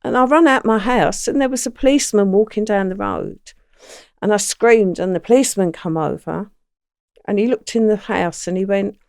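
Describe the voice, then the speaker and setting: An older woman, a podcast guest telling her past with lively, acted-out quotes. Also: lowish voice, gravelly, no room sound, studio quality. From England. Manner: animated storyteller, acts out quoted lines. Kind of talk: recounting crime memories in a podcast interview.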